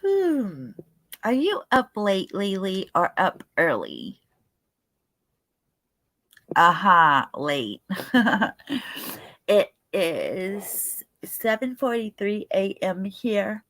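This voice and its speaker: A woman's voice: mid-range voice, wildly swooping pitch, fairly bright tone, no echo. A tired young woman, hosting a casual livestream chat and greeting viewers by name. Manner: greets chatters by name, chatty and unhurried. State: tired, yawning. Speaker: livestream host.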